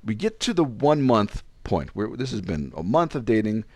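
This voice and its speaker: A young man tells a personal story on a podcast at a moderate pace, casual and animated, jumping in pitch as he acts out what the people in it said. The recording is dry.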